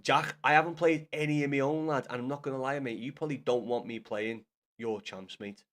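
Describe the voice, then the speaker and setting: A man's voice: medium pitch, fairly even intonation, fairly quick, a bit bright. A young man with a Scouse accent chatting casually about football on a live stream, rambling, swearing and addressing viewers by name. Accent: Liverpool Scouse.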